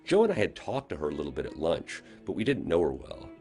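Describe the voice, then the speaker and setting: Deep-voiced man narrating an audiobook. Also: quick pace, soft background music. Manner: expressive storytelling. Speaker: author reading his novel.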